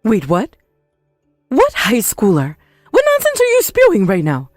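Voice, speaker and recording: A woman voicing a scheming middle-aged ex-mother-in-law in a text-message story drama, defensive and quick to blame others. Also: a little high, wildly swooping pitch, a little mellow, no echo, clean studio sound, soft background music. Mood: confused.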